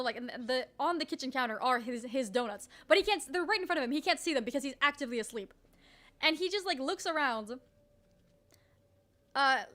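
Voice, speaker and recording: High-voiced young woman streamer, chatty. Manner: animated, swears freely, heavy use of "like", laughs often. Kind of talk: casual storytelling on a live stream.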